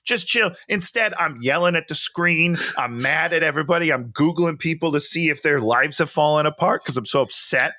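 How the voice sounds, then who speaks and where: A man's voice: on the high side, fairly quick, few pauses, sharp tone, no room sound, studio quality. A man co-hosting a podcast, ranting in an exasperated, casual chat. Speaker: podcast co-host.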